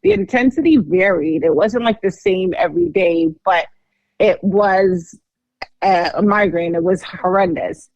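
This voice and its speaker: A woman's voice: on the low side, a little slow, darkish tone, dry recording, highs cut off. A woman co-hosting a podcast, telling her own story in a candid, chatty way. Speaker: podcast co-host.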